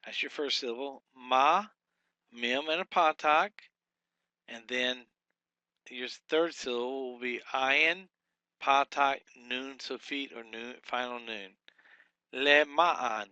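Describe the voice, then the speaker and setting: A man walks through a workbook lesson one step at a time, thinking aloud and slowly sounding out each syllable. His voice is bright and forward at a middle pitch. The recording is close and dry, with no room sound. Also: steady tone, smooth, no echo, lo-fi sound. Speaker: Hebrew teacher.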